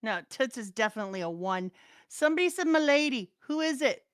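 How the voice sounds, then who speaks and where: A middle-aged woman talks casually with her grown child, blunt and freely profane. Her voice sits a little high and comes across smooth. The sound is close and dry. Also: expressive, fairly quick, no room sound. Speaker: co-host, mother of the host. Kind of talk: casual chat reading chat comments.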